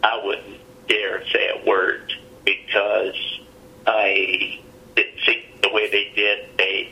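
A man's voice: on the low side, pushed and bright, poor audio. A middle-aged man, an interview guest, telling a personal story in an earnest, plainspoken way.

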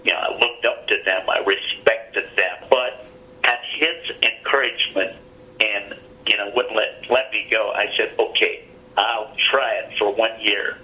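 A man's voice: fairly low pitch, steady tone, unhurried, sharp tone, low-quality recording. A middle-aged man, an interview guest, telling a personal story in an earnest, plainspoken way.

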